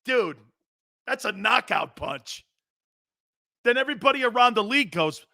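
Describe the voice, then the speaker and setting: A brash male sports talk host fires off rhetorical questions in a slangy, opinionated monologue. His voice sits high and comes out bright and forceful. The sound is dry and close, with little room around it. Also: lively intonation, moderate pace, pauses often, no echo.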